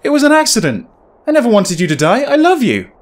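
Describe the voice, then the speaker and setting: A man's voice: very high-pitched, huge pitch swings, quick pace, pitched above the performer's own voice, full character voice. A man reading aloud a game's guilt-ridden husband, pleading in a raised voice. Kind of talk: reading game dialogue aloud.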